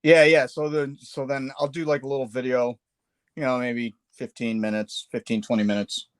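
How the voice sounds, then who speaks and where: A man's voice: medium pitch, level tone, normal speed, smooth, no echo. A man hosting a live painting stream, chatting casually while he sketches, with lots of fillers and self-deprecating asides.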